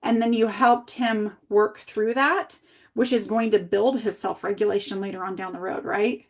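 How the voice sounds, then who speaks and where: A woman working as an early childhood coach, reflecting back and asking gentle guiding questions in a coaching conversation. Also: medium pitch, fairly even intonation, normal speed.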